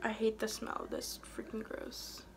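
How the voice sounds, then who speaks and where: Young woman talking thru her makeup routine, kinda high voice, rambly, trails off quiet. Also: completely flat delivery, normal speed, a little hiss or hum. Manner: chatty, rambling, trails off softly mid-thought. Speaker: beauty vlogger. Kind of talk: casual get-ready-with-me chat.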